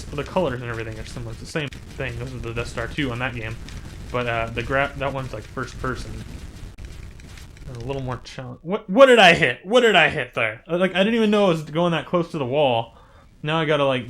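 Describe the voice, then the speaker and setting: A man hosting a gaming channel, chatting casually and rambling through gameplay commentary with sudden excited exclamations. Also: medium pitch, slight background noise.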